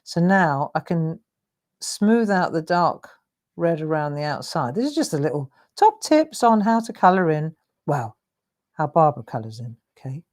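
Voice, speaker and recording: A woman's voice: low-pitched, very animated, moderate pace, a little mellow. A woman hosting a live craft tutorial, chatting in a self-deprecating way while she colours in.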